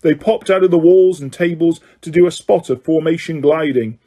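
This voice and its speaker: A man narrates a novel in an audiobook. His voice is somewhat high for a man. He reads at a steady pace and now and then trips over a word. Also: moderate pace. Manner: steady reading, occasional slips. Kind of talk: scripted narration.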